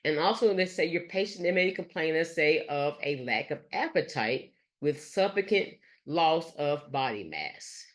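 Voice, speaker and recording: A nurse educator giving a recorded lecture over slides, speaking haltingly and leaning on fillers and restarts. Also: medium pitch, expressive. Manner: halting, with frequent fillers like "let's say" and "gonna".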